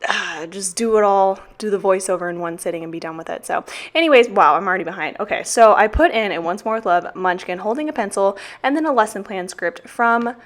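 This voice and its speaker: A woman's voice: medium pitch, animated, a little fast, hardly any pauses. A young woman with a Texan accent talks through a casual voiceover. She is chatty and self-mocking, swears freely, and sounds a little out of breath. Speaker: planner vlogger.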